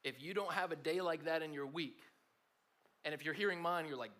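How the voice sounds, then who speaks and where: A man's voice: a little high, quick pace, pushed and bright. Man preaching in a casual, chatty way. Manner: conversational preaching, addresses the room directly. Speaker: speaker at a student gathering. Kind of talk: sermon.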